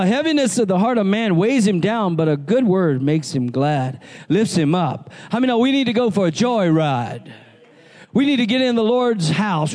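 Male pastor, animated sermon, high pitch, mellow tone. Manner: animated preaching, calls to the congregation.

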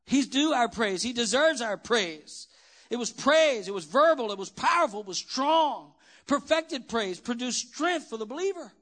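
A man preaching a sermon in church as pastor, asking the congregation questions and swinging from quiet talk to shouting. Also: very high-pitched, lively intonation, moderate pace.

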